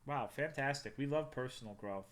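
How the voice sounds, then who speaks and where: A man's voice: mid-range voice, moderate pace. A young man from Texas, a livestreamer chatting casually with his viewers in a loose, profane and joking way.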